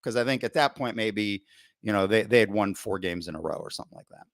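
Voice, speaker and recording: A middle-aged man, a football coach, telling casual anecdotes as a podcast guest, with lively asides and the odd curse word. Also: on the low side, quick pace, vocal fry, no echo, clean studio sound. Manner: lively storyteller, frequent "right?" asides, occasional swearing.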